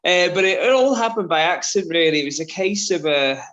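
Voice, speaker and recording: A Liverpool man in his thirties, a runner, is the guest in a casual interview. His softened Scouse accent blends with southern English and Australian tones, and his high, expressive voice moves briskly; he rambles, laughs often, and fills his talk with fillers and restarts. The recording has its highs cut off.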